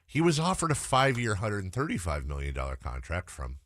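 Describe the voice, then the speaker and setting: Animated, opinionated sports radio host, a man. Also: sits low, brisk, dry recording. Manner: animated, opinionated, thinking aloud.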